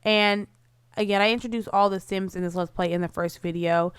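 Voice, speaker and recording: A woman's voice: mid-range voice, steady tone, a little fast, clean tone, no room sound. A woman giving casual, bubbly commentary over her life-simulation gameplay, full of "like" fillers. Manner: chatty, bubbly, lots of "like" fillers.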